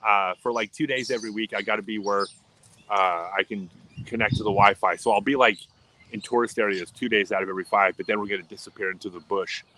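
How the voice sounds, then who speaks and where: Middle-aged man, bright voice, rambling casual livestream chat, frequent restarts. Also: lowish voice, fairly even intonation, fast, slight background noise, rough recording. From United States. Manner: rambling, chatty, restarts sentences often. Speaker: livestream host.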